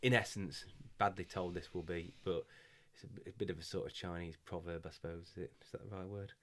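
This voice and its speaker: A man's voice: deep voice, steady tone, quick pace, fairly bright tone. A man hosting a podcast, talking in a hesitant, self-deprecating, reflective way. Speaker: podcast host. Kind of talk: casual podcast chat.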